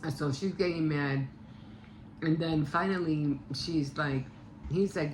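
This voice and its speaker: A woman's voice: sits low, moderate pace, background noise. A woman vlogger casually retelling a story, rambling with many fillers and restarts.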